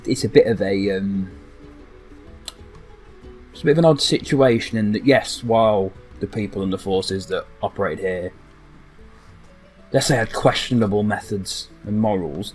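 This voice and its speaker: A man voicing an old male dwarf blacksmith with a sooty beard, talking slowly and trailing off in a tabletop role-play. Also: on the low side, a little mellow, faint music behind, lightly acted. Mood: gruff.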